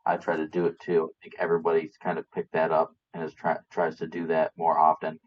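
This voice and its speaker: A man with a very deep voice that stays flat and level gives his picks on a casual recap show. He speaks hesitantly, pausing and restarting often. The sound is dull and lo-fi. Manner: hesitant, many fillers and restarts. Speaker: podcast co-host. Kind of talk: casual chat about game picks.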